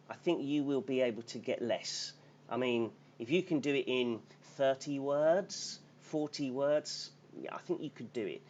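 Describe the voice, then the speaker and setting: A man's voice: mid-range voice, dull audio, slight background noise. A man teaching an English lesson on a live stream, often checking in with his class by asking "okay?" and "yeah?".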